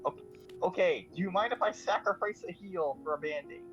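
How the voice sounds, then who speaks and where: Guy gaming in voice chat, kinda high voice, trips over his words, muffled lo-fi mic. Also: fairly quick, a bit bright, soft background music. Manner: nervous, stammering, restarts often.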